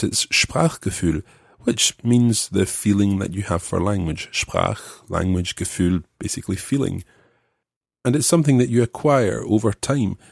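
Male podcast teacher with a head cold, patient and measured; low, husky, dry close sound. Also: darkish tone, no room sound. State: stuffed up with a cold. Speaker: language podcast host. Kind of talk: explaining grammar in a podcast.

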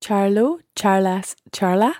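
A woman's voice: mid-range voice, expressive, takes it slowly, warm tone, no room sound, clean studio sound. A woman learning Spanish, carefully repeating words and phrases after her teacher. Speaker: language learner. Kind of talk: repeating drills in a lesson.

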